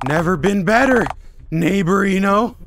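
A calm, folksy neighbor type who calls everyone partner, drawling along at an unhurried pace, as a man voices him. He sits fairly high for a man. Game music plays behind the voice. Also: creaky. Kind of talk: reading game dialogue aloud in a voice.

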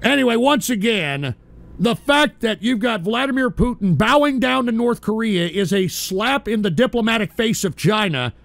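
A man hosting a live talk show, ranting angrily with profane, shouted outbursts and a habit of saying "all right". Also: high-pitched, animated, moderate pace, gravelly, dry recording. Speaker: radio show host. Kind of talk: angry live-stream rant.

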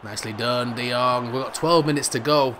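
A man hosting a football video game playthrough, joking around and commentating excitedly, bursting into shouts at goals. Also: mid-range voice, brisk, a little hiss or hum. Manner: jokey, excitable, yells at goals. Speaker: gaming channel host.

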